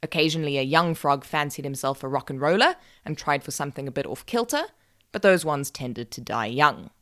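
Wry low-voiced woman storyteller. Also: a little fast. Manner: wry, deadpan asides. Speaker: podcast storyteller. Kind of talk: scripted narration.

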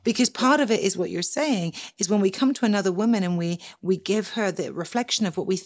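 A woman's voice: mid-range voice, fast talker. A woman from England with an English accent, hosting a podcast in an effusive, flowing way. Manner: effusive, flowing, repeats words. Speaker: podcast host. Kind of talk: casual podcast conversation.

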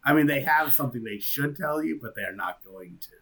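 A man's voice: mid-range voice, animated, brisk, fairly bright tone. A man co-hosting a casual podcast who jokes around and slips into bits and silly voices. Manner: jokey, does bits and voices. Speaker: podcast co-host.

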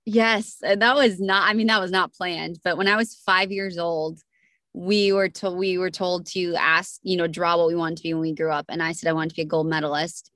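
A woman's voice: fairly low pitch, fairly even intonation, normal speed, fairly bright tone, no room sound, studio quality. A young woman guest on a podcast, telling her story earnestly with many restarts and fillers. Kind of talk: emotional storytelling interview.

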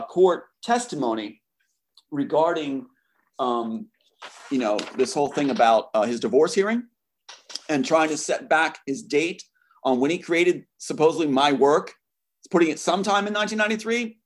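A man speaking as an interview guest, angry and emphatic as he makes accusations. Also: fairly high pitch. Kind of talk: impassioned interview talk.

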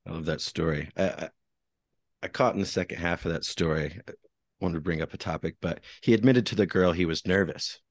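A middle-aged man hosting a casual interview, asking relaxed, rambling questions. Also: low voice, a little fast, no echo. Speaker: interview host.

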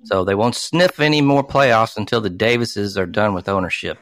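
Dude on a sports podcast, cussing and ranting, fired up. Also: male voice, lowish voice, animated, moderate pace, fairly bright tone, no echo, clean studio sound. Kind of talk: casual sports chat.

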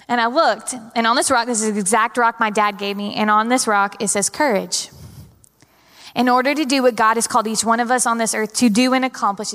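A young woman preaches from the stage of a large church, her fairly high voice carrying a long hall reverb. She tells personal stories with a dramatic, animated flair and speaks straight to the congregation. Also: vocal fry. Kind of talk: sermon.

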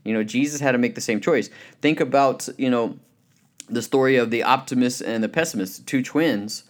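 A man's voice: medium pitch, moderate pace. Earnest man giving a motivational talk. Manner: earnest, conversational, many "you know" fillers; tells anecdotes with lively acted quotes. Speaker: speaker.

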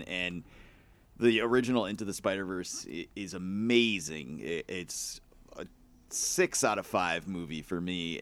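A man co-hosting a movie podcast, talking eagerly and casually. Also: deep voice. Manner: excitable, enthusiastic. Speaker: podcast co-host. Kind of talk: casual chat.

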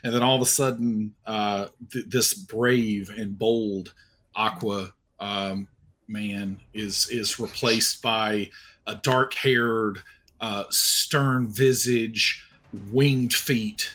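A man's voice: on the low side, steady tone, extremely slow, fairly bright tone. A man playing a tabletop game, describing his character's actions with lots of filler words. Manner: rambling with many fillers. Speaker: player.

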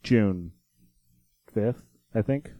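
A man co-hosting a podcast in casual chat, quick and joking as he leads the conversation. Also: lowish voice, dark tone. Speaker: podcast co-host.

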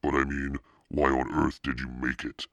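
A deep-voiced man reading a sulky preteen girl. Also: flat delivery, normal speed, fairly bright tone, no echo. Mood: awkward. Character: moody preteen girl, sulky and self-conscious.

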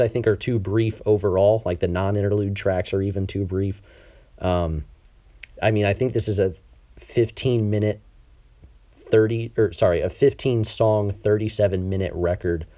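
A man's voice: fairly low pitch, dark tone. A man hosting a casual podcast over an online call, talking with a slightly nasal tone and lots of ums and restarts. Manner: chatty, many ums and restarts. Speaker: podcast host. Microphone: over Skype.

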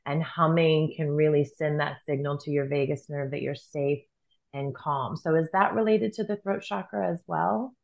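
A woman hosting a podcast, her voice sitting a little low. She gushes with bubbly, effusive praise as she leads the interview. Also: normal speed, vocal fry. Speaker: podcast host.

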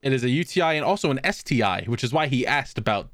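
Man, podcast co-host, comic storyteller. Lively, raised pitch, dry close mic. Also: quick pace, no echo. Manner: animated, profane, laughing while telling the story. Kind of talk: comedic storytelling chat.

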